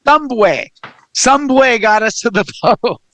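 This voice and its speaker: Young adult female co-host, high and bright, giggly comedic riffing. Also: expressive, slow pace. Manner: giggly, riffing on absurd ideas. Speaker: podcast co-host. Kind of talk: casual comedic chat.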